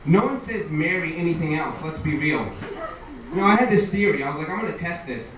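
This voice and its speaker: Captured from far off in an echoey, noisy room at a live comedy venue, this young stand-up comic has a voice on the high side, animated, fairly quick, and a bit bright. He talks conversationally and acts out the people in his stories.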